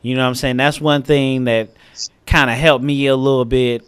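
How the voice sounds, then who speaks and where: A young adult man co-hosts a podcast in a relaxed, conversational way, often checking in as he talks. His voice is smooth and clear at a middling pitch. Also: moderate pace. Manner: easygoing, conversational, often adding "you know what I'm saying". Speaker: podcast co-host. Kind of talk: casual podcast chat.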